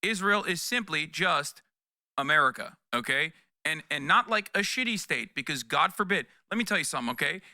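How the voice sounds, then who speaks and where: A man's voice: fairly high pitch, expressive, sharp tone, no echo, studio quality. A man in his thirties streaming heated political commentary, ranting in a profane, exasperated way and tacking "okay?" onto his points. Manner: profane, exasperated, rapid rants with repeated "okay?". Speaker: streamer reacting to news.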